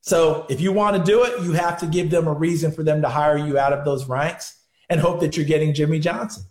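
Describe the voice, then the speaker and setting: A man's voice: on the high side, fairly even intonation, brisk. Emphatic man on an echoey line. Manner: storytelling, emphatic. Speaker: football analyst guest. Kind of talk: sports radio interview.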